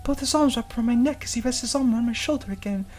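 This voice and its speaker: A woman voicing a gentle, devoted young woman in a visual novel, narrating softly in first person and comforting someone she loves. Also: fairly high pitch, racing, lightly acted. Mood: tender. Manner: soft, tender, hushed delivery.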